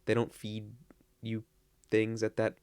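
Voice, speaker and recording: A man's voice: on the low side, monotone, a little slow, a little mellow, smooth, dry recording. A young man, casually telling a long rambling story to his stream chat, with lots of restarts and swearing.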